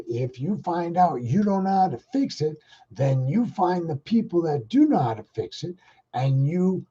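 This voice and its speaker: A man's voice: on the high side, mellow, husky, lo-fi sound. A man hosting his own show, ranting in a rambling, exasperated, profane way. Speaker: podcast host. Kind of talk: casual ranting monologue.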